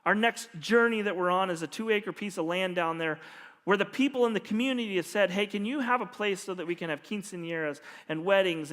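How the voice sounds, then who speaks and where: A man's voice: high voice, fairly bright tone. A male pastor preaching a sermon, telling stories animatedly and acting out the dialogue. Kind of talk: sermon with storytelling. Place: church sanctuary. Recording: long hall reverb with faint music.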